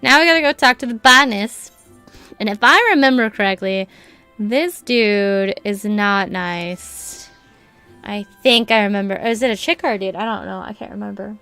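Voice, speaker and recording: A woman's voice: mid-range voice, normal speed, bright, forceful tone, clean tone, faint music behind. Chatty, teasing woman gamer. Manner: chatty, teasing, laughs often. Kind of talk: casual let's-play commentary.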